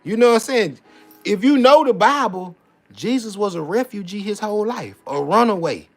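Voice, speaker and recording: A man giving a casual, preachy monologue, swinging between loud preaching and muttered asides, with repeated filler tags. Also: sits high, animated, normal speed, soft background music. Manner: repeats filler tags like "you know what I'm saying". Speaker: vlogger.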